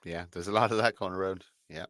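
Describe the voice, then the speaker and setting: A man's voice: deep voice, fairly even intonation, fast talker, fairly bright tone, dry recording, clean studio sound. A man on a discussion panel, talking earnestly and emphatically, often repeating himself. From Ireland.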